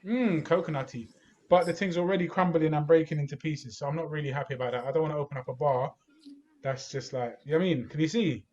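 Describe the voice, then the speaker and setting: Over lo-fi video call audio, the young co-host keeps up his banter-heavy London slang at a quick pace. His voice sits a little high and has a darkish tone.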